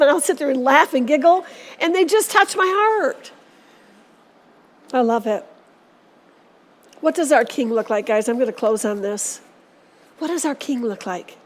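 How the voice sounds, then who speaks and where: A woman preacher giving a sermon in a church, speaking earnestly and urging her listeners on. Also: sits high. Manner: earnest, exhorting.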